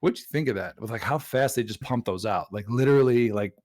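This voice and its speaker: A young adult man hosting a podcast in casual chat, telling stories excitedly with frequent laughter. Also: medium pitch, fast talker. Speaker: podcast host.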